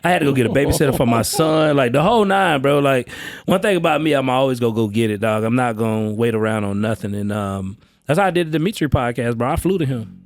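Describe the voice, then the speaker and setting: Podcast guest, male, streetwise sales trainer, lively quotes, dry sound. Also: fast talker, no echo. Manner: animated, slangy, acts out quotes with high pitch jumps. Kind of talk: casual podcast storytelling. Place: indoor training space, live session.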